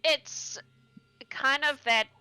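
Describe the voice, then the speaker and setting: A woman's voice: high-pitched, very slow, pushed and bright, no echo. A woman running a tabletop game as game master, chatty and laughing, sometimes searching for words.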